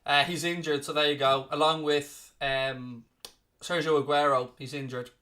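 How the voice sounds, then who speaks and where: An Irish man with a Dublin-area accent hosts a live football watchalong, his voice bright and forceful. He teases and mock-scolds viewers over their comments. He reads out the latest scores like a presenter, at a slightly higher pitch than most men. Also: fairly even intonation, moderate pace. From Ireland. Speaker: watchalong host.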